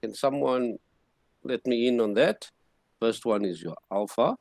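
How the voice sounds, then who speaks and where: Slow, patient man teaching. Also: medium pitch, gravelly, darkish tone, dry recording. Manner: slow, patient explaining with frequent restarts. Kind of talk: classroom lecture.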